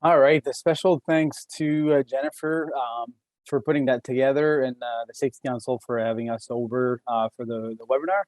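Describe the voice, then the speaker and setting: A man's voice: mid-range voice, fairly even intonation, brisk, darkish tone, no echo. A man with a Québécois French accent giving a webinar presentation as an engineer, talking hesitantly with many fillers and restarts. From Quebec.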